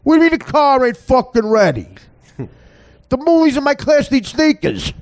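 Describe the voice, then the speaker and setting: A man putting on a furious, foul-mouthed woman from a tough neighborhood, yelling in a loud, brash voice. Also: very high voice, sing-song, moderate pace, pitched above the performer's own voice, full character voice.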